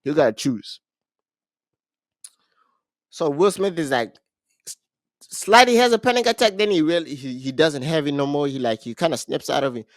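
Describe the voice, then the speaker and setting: A man with a somewhat high voice retells a movie plot on a casual podcast, animated and restarting his sentences often. The sound is dry and close. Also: brisk, dry recording. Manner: animated storytelling with frequent restarts. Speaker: podcast co-host.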